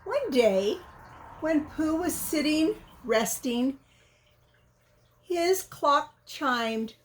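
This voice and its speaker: A woman reading a children's storybook aloud in an animated way, asking the listener questions. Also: high voice, extremely slow.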